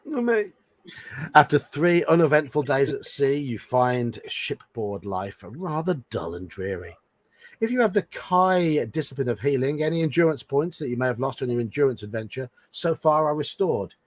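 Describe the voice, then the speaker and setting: Male host, mid-pitched, narrating a gamebook live. Husky timbre, animated delivery. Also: normal speed, dry recording. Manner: reads aloud with asides and chuckles.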